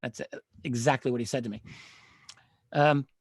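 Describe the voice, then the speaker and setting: A middle-aged man, a panel guest, telling a long story in a measured, earnest way and often pausing with uh and um. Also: mid-range voice, fairly even intonation, no echo. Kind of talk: live panel discussion, recounting a story.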